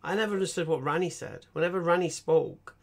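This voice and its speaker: This gaming streamer is a young man whose voice sits on the high side, and he speaks quickly. His casual game chatter wanders, with stammered restarts and lively fits of laughter.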